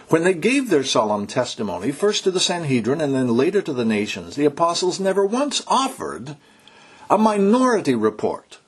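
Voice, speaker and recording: Emphatic male preacher, lively husky voice. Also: a little high. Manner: emphatic, exhorting, slows to stress key words. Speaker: pastor. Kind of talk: sermon.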